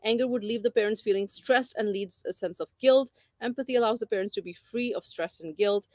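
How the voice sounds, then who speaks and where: A woman's voice: medium pitch, a little fast, darkish tone, dry recording. A woman giving an informal talk on parenting, explaining a book's ideas and repeating key phrases for emphasis. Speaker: parenting educator.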